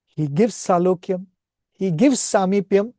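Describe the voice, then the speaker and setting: A man's voice: high-pitched, unhurried, mellow, dry recording, studio quality. A man speaking at a spiritual retreat, earnestly retelling scripture stories in a devotional talk and often checking in with "right?".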